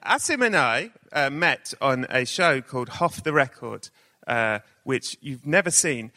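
Hosting a podcast live on a theatre stage, a man gives playful, jokey introductions to the crowd amid a reverberant room sound. His medium-pitched voice is animated, bright, and forceful, yet unhurried.

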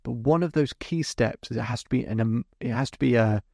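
A man's voice: medium pitch, fairly quick, gravelly, a little mellow, no echo, clean studio sound. A man hosting a podcast as a hypnotherapist, telling a client's story in vivid detail and acting out both sides of the conversation. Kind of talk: storytelling monologue.

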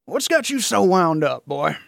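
Man putting on a gruff old fisherman, storybook voice, higher, dry sound. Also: big pitch swings, unhurried, no echo, full character voice. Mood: shrewd. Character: old fishing man, hearty and shrewd.

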